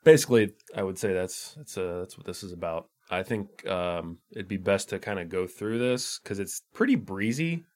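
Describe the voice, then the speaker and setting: Male podcast co-host, low pitch, easygoing banter that trails off. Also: normal speed, hardly any pauses. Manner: relaxed, trailing off, laughs often. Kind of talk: casual chat.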